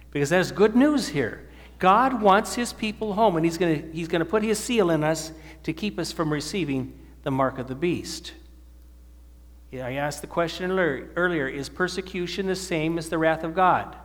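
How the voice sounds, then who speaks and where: A man preaches a sermon in a slightly high voice, pausing to put questions to his listeners and answer them. His voice rings out with a long reverb tail, the sound of a hall. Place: church or meeting hall with an audience.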